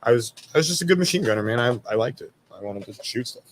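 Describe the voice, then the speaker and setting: A man's voice: medium pitch, lively intonation, fast, slight background noise. A man in his thirties, an army veteran guest, telling stories in a laid-back way, swearing freely and laughing at his own jokes. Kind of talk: casual storytelling interview.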